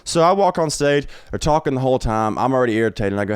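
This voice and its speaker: A man's voice: medium pitch, expressive, fast talker, few pauses, clean tone, dry recording. A man, a guest comedian, telling a rambling, profane story full of restarts on a podcast recorded in a home studio.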